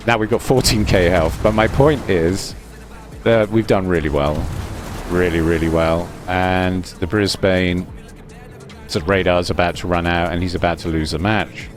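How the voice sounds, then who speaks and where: A man giving relaxed, rambling voice-over commentary on his own gameplay, with fillers and restarts. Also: deep voice. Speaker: gaming commentator.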